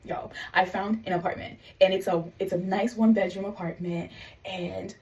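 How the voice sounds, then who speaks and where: A young woman telling her faith testimony in a casual vlog, animated and full of quoted voices. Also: mid-range voice, normal speed, recorded from a distance, low-quality recording. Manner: animated storytelling, quoting God and others in lively voices. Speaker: vlogger sharing testimony.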